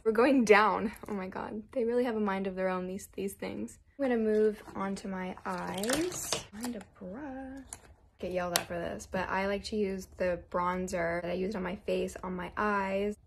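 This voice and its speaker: A woman's voice: medium pitch, normal speed, gravelly, slight background noise. A young woman in her twenties chatting nervously and self-deprecatingly while doing her makeup for a casual vlog. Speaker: model doing a makeup tutorial. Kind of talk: casual rambling vlog chat.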